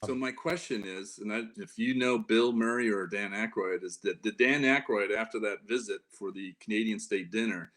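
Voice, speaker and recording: A man's voice: fairly low pitch, moderate pace, few pauses, a bit bright. A middle-aged man from Upstate New York, telling long anecdotes in a casual interview, full of fillers and restarts. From Upstate New York, near Lake Ontario. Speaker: interview guest, former White House staffer.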